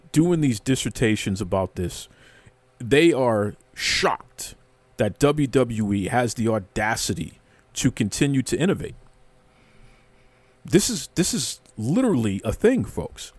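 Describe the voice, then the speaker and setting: Male host, sarcastic mock-outrage rant, animated pitch, dry close sound. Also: no echo. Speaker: wrestling commentary host.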